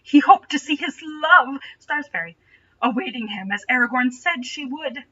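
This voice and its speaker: Young woman reader, bright tone, deadpan sarcastic asides, slightly distant, lo-fi home recording. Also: high voice, normal speed. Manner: dry, mocking, deadpan asides. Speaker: reader and commentator. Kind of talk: reading fanfiction aloud with sarcastic asides. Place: bedroom at home.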